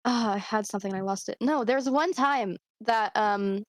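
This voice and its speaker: A woman's voice: mid-range voice, normal speed, noisy background. A woman chatting casually on a podcast, laughing easily as she talks. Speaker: streamer and podcast guest.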